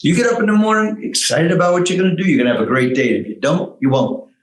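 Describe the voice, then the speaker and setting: Older male exec guest, higher voice, animated storyteller who laughs at his own jokes; echoey room. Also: fast talker, heavy background noise. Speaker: guest, former tech executive. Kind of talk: storytelling interview, lively anecdotes.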